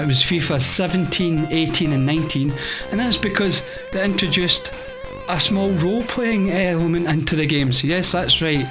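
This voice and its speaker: A man hosting a Q&A on his own channel answers viewer questions in a steady, earnest, explanatory way. His voice sits fairly high. Guitar music plays beneath him. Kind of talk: scripted-sounding Q&A answers.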